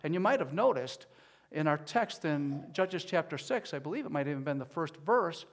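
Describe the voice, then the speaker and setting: A man preaching a sermon as pastor, at times rising to loud pleading as he voices people's prayers. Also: fairly high pitch, very animated, normal speed. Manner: builds to loud pleading when voicing prayers.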